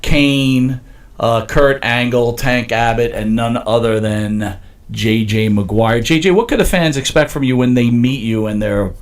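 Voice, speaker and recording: A man hosting a casual interview, joking and jumping in with quick questions. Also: medium pitch. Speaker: show host.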